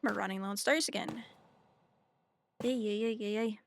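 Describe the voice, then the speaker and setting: A young German streamer chats loosely while playing, rambling and making fun of herself; she's a native German speaker whose English accent mixes in British touches. Her medium-pitched voice is gravelly, with fairly even intonation and a moderate pace, over slight background noise.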